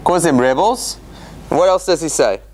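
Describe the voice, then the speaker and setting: In the meeting room of a church centre, a man teaches a Torah study class as an informal Bible study lecture, putting questions to the audience. He is animated, acting out quotes in dramatic voices and restarting often, his voice on the high side at normal speed with slight background noise.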